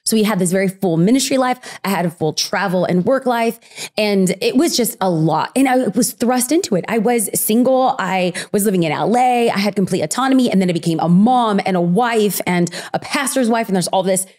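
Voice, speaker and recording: A woman in her thirties, a podcast guest telling a personal story in an animated conversational way, acting out quotes. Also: fairly quick. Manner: animated, acts out quotes with big pitch jumps.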